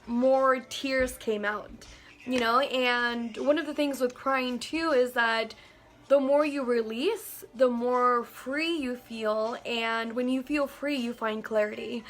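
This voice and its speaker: A woman with a slightly high voice talks in a casual, heartfelt way to her viewers. She speaks earnestly and gently, often saying "like" and "you know", with faint music playing underneath. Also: steady tone, takes it slowly. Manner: earnest and gentle, with many likes and you-knows. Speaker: vlogger sharing personal reflections. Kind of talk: casual heartfelt monologue to camera.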